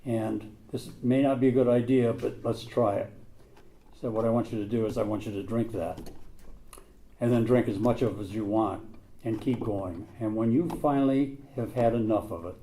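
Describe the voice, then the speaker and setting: A man's voice: lowish voice, fairly even intonation, normal speed, dark tone, slight background noise. An older man telling his own recovery story to a group, blunt and plain-spoken, with some mild swearing. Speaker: recovery meeting speaker.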